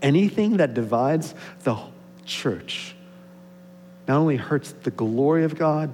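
A man preaching a sermon to a congregation, swinging from excited, loud passages to soft, slow, hushed ones. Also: a little high. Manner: rises to excited loud peaks, then drops soft and slow. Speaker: pastor. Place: church sanctuary. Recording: long hall reverb, faint hum.

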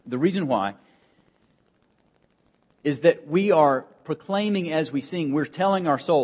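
A man preaching a sermon as pastor, earnest and emphatic, with pauses and rising emphasis. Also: a little high, lively intonation, darkish tone, breathy edge.

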